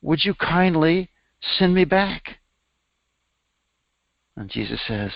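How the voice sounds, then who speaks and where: A man's voice: slow, vocal fry, dry recording, dull audio. A man, a spiritual teacher, telling a parable in a sermon and lifting his voice for the characters' lines. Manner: animated storyteller, voicing characters with raised pitch. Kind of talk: storytelling sermon.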